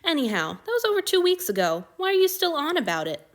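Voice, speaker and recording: A woman voicing a manipulative male lover in an audiobook reading of fan fiction, smooth, chiding and patronizing. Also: very high-pitched, wildly swooping pitch, quick pace, pitched above the performer's own voice, heavily acted.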